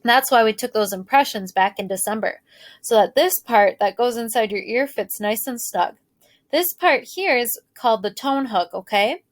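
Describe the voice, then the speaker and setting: A woman's voice: a little high, animated, moderate pace, no room sound, lightly acted. A woman reading aloud, voicing a friendly, joking male ear doctor who reassures a young patient. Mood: explaining.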